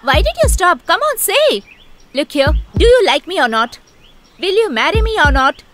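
A woman's voice: extremely high pitch, very animated, moderate pace, full character voice. A woman voicing a clingy young lover in a film dub, pleading and nagging. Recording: film dub with loud music underneath.

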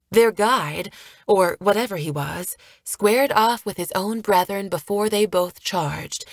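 A woman narrating an audiobook chapter, reading a fast action scene in a steady storytelling manner. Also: on the low side, no room sound. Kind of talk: scripted narration.

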